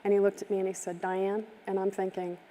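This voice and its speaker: A woman on stage at a summit, telling a personal story with warmth and vivid detail. Her voice sits in a middle range and she gives small voices to the people she quotes. The live stream carries a long reverb from the large hall. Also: mid-range voice, little pitch movement, rapid-fire, slight background noise. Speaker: summit speaker. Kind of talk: storytelling keynote talk.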